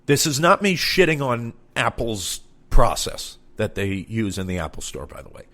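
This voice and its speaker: A man's voice: medium pitch, big pitch swings, moderate pace, sharp tone. A man doing a comedic storytelling monologue, exasperated and profane, acting out both sides of the conversations he recounts.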